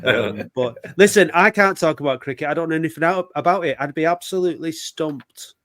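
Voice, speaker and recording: A man's voice: on the high side, lively intonation, a little fast, a bit bright. A man hosting a football fan podcast, chatting casually with dry teasing jokes. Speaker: podcast host. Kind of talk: casual chat.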